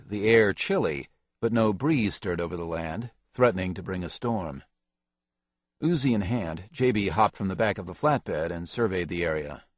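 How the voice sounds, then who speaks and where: A man narrating an action novel as an audiobook in a steady, even reading. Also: sits low, no room sound, studio quality. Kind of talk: scripted narration.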